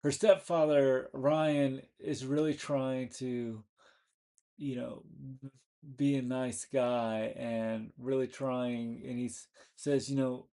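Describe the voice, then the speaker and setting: A man's voice: medium pitch, little pitch movement, slow, warm tone. A man hosting a casual movie talk, recapping scenes in a rambling way with many restarts and fillers. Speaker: movie review host.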